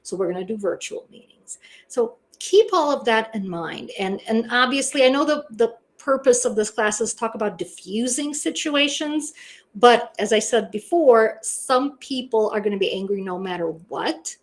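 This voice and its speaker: A woman's voice: a little high, moderate pace. A woman teaching an online class in a blunt, conversational way, with many "you know" asides. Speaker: instructor. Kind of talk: casual online class lecture.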